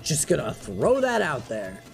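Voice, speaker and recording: Man doing let's play commentary, excitable and loud in reactions, lively pitch, soft game music underneath. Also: a little slow, creaky. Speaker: gamer.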